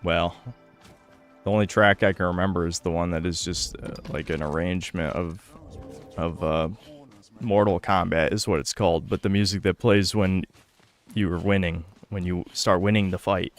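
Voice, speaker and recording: A man's voice: low-pitched, steady tone, moderate pace, soft background music. A man streaming a video game, who grumbles, swears at the game and chats casually with his viewers. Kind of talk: casual live-stream commentary.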